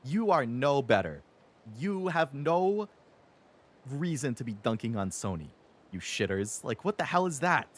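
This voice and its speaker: A man's voice: medium pitch, very animated, a little slow. A man in his twenties streaming a game, ranting heatedly and with plenty of swearing about the gaming industry and mocking companies in sarcastic voices. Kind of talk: ranting live-stream chat.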